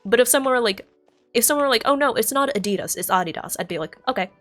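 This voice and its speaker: An American woman chats on a live stream with a lively, bouncing pitch, rambling and correcting herself as she goes. Faint music plays quietly behind her. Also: fast talker. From United States. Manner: chatty and rambling, thinks aloud, self-correcting. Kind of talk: casual chat with live stream chat.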